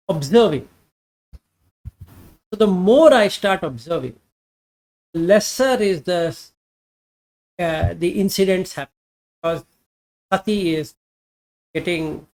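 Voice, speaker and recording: A Dhamma teacher giving an informal Buddhist teaching, reflective and halting, asking rhetorical questions and then answering them. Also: medium pitch.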